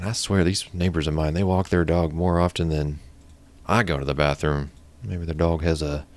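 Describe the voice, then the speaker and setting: A man's voice: low voice, vocal fry. A man hosting his own gaming channel, chatting casually and thinking aloud while he builds. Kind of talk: casual gameplay commentary.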